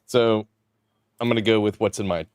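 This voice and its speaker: Low-voiced, halting man, dry sound. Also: steady tone, a little mellow, clean tone, no room sound. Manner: halting, many fillers. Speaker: podcast panelist. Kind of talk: casual chat.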